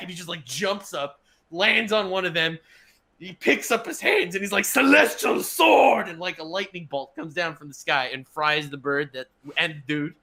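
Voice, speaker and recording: A young Canadian man co-hosting a podcast in casual chat, animatedly retelling scenes and acting out the characters. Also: a little high. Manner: animated storyteller, acts out scenes in voices. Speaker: podcast co-host.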